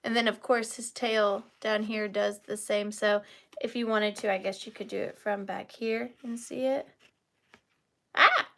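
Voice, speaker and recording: A woman's voice: medium pitch, flat delivery, moderate pace, creaky. A young woman hosting a live online vintage sale, chatting enthusiastically about items and counting down bids. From United States. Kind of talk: live sale vlog chat.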